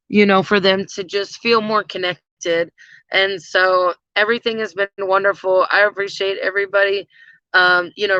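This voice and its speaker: A woman's voice: medium pitch, pushed and bright, dry recording. A woman vlogger chatting casually to her viewers, gushing and full of fillers. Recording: slightly dull lo-fi sound.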